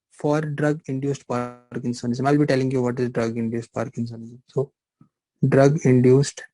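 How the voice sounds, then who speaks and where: A man's voice: mid-range voice, warm tone, dry recording, low-quality recording. A middle-aged male pharmacology lecturer, teaching a live online class, repeating points and firing rhetorical questions at students. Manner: repetitive, asks rhetorical questions, teasing.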